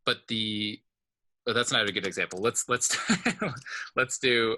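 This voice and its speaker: A man's voice: lowish voice, steady tone, measured pace, sharp tone, slight background noise. A man teaching a language class, explaining step by step and often checking in with his students. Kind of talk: informal online class lesson.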